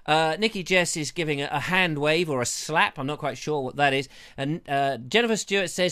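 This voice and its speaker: Jokey English male host, bright and animated, reads chat, slips into silly voices. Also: fairly high pitch, moderate pace. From Britain. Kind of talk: live-stream chat show. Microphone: lapel mic.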